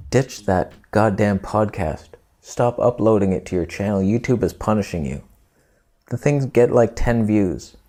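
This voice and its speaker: Sarcastic low-voiced man roasting. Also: warm tone. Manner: sarcastic, mocking, with mock impressions. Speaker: YouTube host. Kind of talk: comedic roast monologue.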